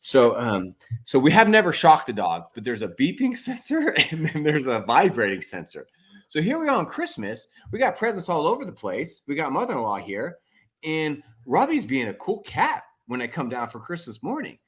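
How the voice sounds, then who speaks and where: Husky, lively-voiced man telling stories. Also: fairly high pitch, moderate pace. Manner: rambling, animated, heavy use of "like" and "freaking". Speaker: family coach, podcast guest. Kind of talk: casual storytelling interview.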